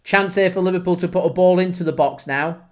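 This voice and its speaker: A man giving live watchalong commentary on a football match for his fan channel, calm one moment and shouting the next. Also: high voice, brisk. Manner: excitable, shouts and laughs in disbelief at big moments.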